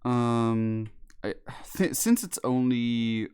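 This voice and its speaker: A man playing a tabletop game, describing his character's actions hesitantly, with many pauses and restarts. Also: mid-range voice, darkish tone, clear, resonant tone. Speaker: player.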